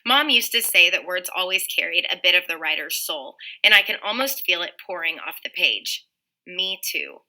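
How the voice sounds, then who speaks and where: Bright-voiced woman reading an audiobook. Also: on the low side, lively intonation, normal speed, poor audio. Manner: earnest, reads with small slips and restarts. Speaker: audiobook reader. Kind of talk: first-person audiobook narration.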